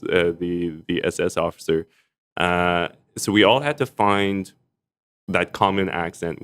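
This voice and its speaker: A young man with a deep, low voice talks in a relaxed podcast chat. He tells his stories with energy and laughs often mid-sentence. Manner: animated, laughs often while telling stories. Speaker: arts executive director and stage actor, podcast guest. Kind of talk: casual storytelling in a podcast chat.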